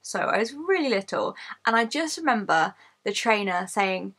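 An English woman in her late twenties talks straight to camera, running through a list of facts about herself. She is chatty and candid, laughs at her own stories and swears freely, and her voice sits at an ordinary middle pitch for a woman. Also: animated, moderate pace, fairly bright tone. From England, Kent. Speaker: YouTuber.

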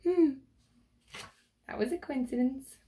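A woman teacher reading a picture book aloud to children, slowly and gently, and stopping to ask them questions. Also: high-pitched.

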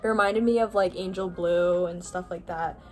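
Gushing excitable young woman vlogger. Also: fairly low pitch, moderate pace, soft background music. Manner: gushing, excitable, gasping with delight. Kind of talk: unboxing haul vlog.

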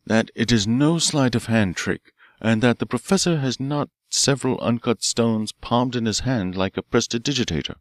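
A man's voice: medium pitch, normal speed, hardly any pauses, no room sound, studio quality, voice pushed up, lightly acted. A man reading an audiobook, voicing a bold, cool-headed detective professor who talks in a commanding way. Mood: accusing.

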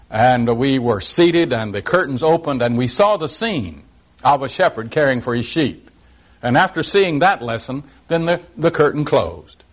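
A mild-mannered male preacher delivering a sermon, speaking slowly and deliberately and reciting scripture in measured tones. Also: fairly high pitch.

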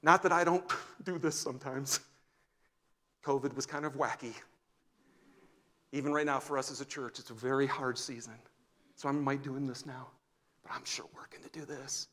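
A man in his fifties, a pastor, preaching a sermon and telling stories, swinging from loud exclamations to hushed near-whispers. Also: medium pitch, fairly even intonation, normal speed, pauses often. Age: 50s. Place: church sanctuary.

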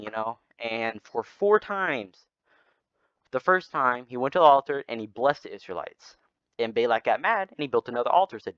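A young man leading a casual Bible study, telling the story loosely with lots of asides. His pitch moves lively, and the sound is dry and slightly dull. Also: normal speed, no room sound. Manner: animated, rambling storyteller.

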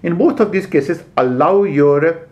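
A man with an Indian English accent lecturing as an exam coach, giving numbered points with frequent "uh" pauses and repeated key phrases. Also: on the high side, a little mellow. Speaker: civil service exam coach. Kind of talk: classroom lecture.

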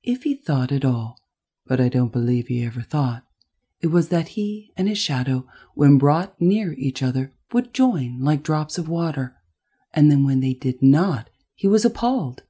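A woman narrating a classic children's story in a gentle, expressive way. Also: low voice, measured pace, husky. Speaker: audiobook narrator. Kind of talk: scripted narration.

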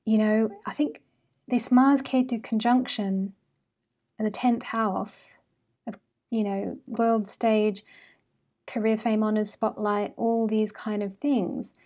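A woman with an Australian accent tinged with British and American sounds talks straight to her viewers. Her voice sits at an ordinary middle pitch, and her talk runs loose and friendly, full of ums and asides. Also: steady tone, slow pace. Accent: Australian with British and American traces. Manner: chatty and warm with frequent fillers. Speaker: astrology channel host. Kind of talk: casual monologue to camera.

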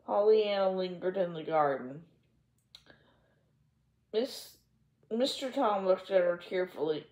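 A woman hosting a storybook reading, narrating in a gentle, measured way. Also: fairly low pitch, expressive, muffled recording. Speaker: storybook reader. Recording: echoey room.

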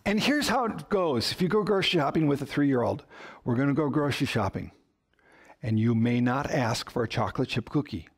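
A man's voice: mid-range voice, expressive, a little fast, husky. A man pastor giving a sermon in a conversational, storytelling way, with humor and questions to the congregation.

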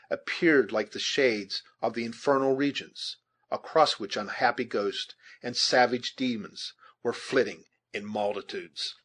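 In steady, measured scripted narration, an audiobook reader with a mid-range voice reads a novel aloud.

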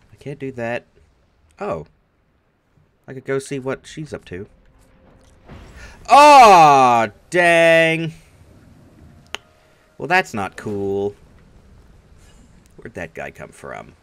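A man's voice: mid-range voice, big pitch swings, unhurried, vocal fry, pauses often. A man giving casual, playful gameplay commentary, making silly noises and joking at his own expense. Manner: playful, goofy, makes silly noises and jokes at himself. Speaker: let's play gamer.

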